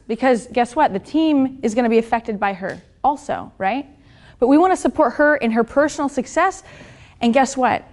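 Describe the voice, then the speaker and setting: A woman's voice: on the high side, darkish tone. A woman business coach giving a motivational seminar talk, blunt and profane, often checking in with the audience. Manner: blunt and profane, keeps asking the audience "right?".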